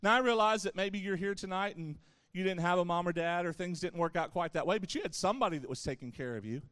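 High-voiced man preaching to young people. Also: fast, a bit bright, clear, resonant tone, no room sound. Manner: conversational preaching with playful asides to the audience. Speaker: youth pastor. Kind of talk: sermon.

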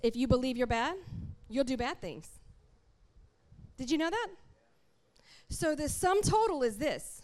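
A woman preaching a sermon in a church, talking straight to the congregation in an animated, conversational way. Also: high-pitched, measured pace, pauses often.

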